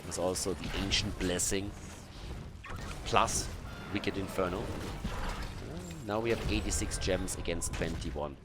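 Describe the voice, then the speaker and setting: Excitable man casting esports, noisy. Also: low voice, slow, long pauses. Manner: excitable, jumps to shouts at big plays. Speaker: esports caster. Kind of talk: solo play-by-play commentary.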